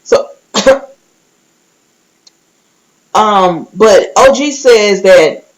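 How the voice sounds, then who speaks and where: A woman talking through a recap in a loose, conversational way, with a mid-range voice that is neither high nor low. She keeps the story moving with animated asides and quick little impressions of what other people said. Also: rough recording. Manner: quick acted-out quotes of others. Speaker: recap vlogger. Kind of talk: casual reality-TV recap.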